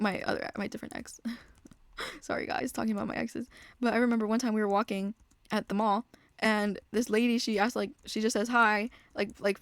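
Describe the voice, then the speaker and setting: A young woman chats through meandering stories as she plays a game. She keeps cutting herself off and drifts into quiet muttered asides. Her voice sits at a middle pitch and sounds dry and close to the mic. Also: creaky, dry recording. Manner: rambling, self-interrupting, trailing off into mutters. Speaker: gaming vlogger. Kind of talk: casual storytelling while playing a game.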